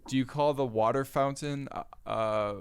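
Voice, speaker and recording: A man's voice: mid-range voice, steady tone, normal speed, clear, resonant tone, no echo, studio quality. A young man from the American Midwest hosting a podcast, laid-back and chatty with brief replies. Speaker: podcast host. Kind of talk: casual chat.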